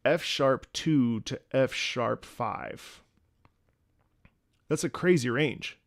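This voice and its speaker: A male streamer chatting casually with his viewers, relaxed and musing as he answers their questions. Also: mid-range voice, extremely slow, gravelly, pauses often. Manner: relaxed, musing, talks to chat. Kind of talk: casual live-stream chat. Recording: game music playing faintly behind. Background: video game music.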